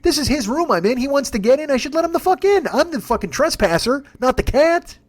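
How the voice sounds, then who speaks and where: A man telling a long comic story in a profane, rambling, animated way, as a podcast host. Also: very high voice, a little fast. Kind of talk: comedic storytelling monologue.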